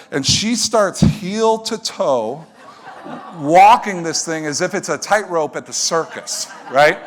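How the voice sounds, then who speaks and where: A middle-aged man tells a story to an audience in a motivational talk. His voice sits a little high for a man, and he is animated, dropping to a hush and then rising loud. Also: slight background noise. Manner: animated, with swings from hushed to loud and laughing. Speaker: speaker telling a story to an audience.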